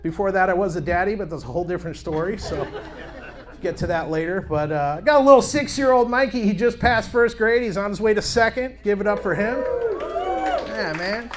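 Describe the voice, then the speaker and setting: A man's voice: sits high, brisk, a crowd in the background. A man in his thirties doing a crude, brash stand-up set on a comedy club stage, acting out voices of his family.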